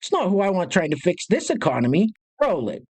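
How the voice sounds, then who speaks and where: Sarcastic man hosting commentary, animated. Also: sits high, a little fast, slightly rough. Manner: sarcastic, sneering asides. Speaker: commentary channel host. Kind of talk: mocking video commentary.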